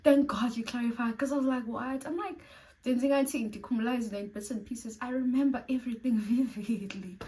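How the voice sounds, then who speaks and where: A young woman with a South African accent tells a story in a casual vlog, her voice sitting a bit high. She is blunt and animated, swears freely and acts out every line of the argument. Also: fairly quick, poor audio. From South Africa, Cape Town. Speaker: storytime vlogger.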